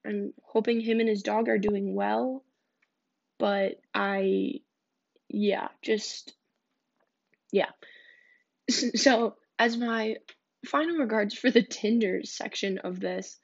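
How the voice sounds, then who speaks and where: Speaking slowly and pausing often, this young woman has a gravelly, medium-pitched voice and a steady tone. She hosts a casual podcast where she tells dating stories with candor and bluntness, cursing freely, captured on a dull lo-fi recording.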